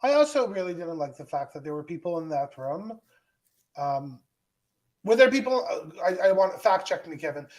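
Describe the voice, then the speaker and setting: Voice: medium pitch, very animated, moderate pace, a little mellow. A co-host in a casual recap chat, giving wry, chatty commentary.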